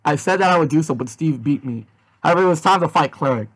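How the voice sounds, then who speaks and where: A man reading a fan story aloud, animated in his delivery. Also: on the high side, fast, husky. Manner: animated, with shouted outbursts. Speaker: reader.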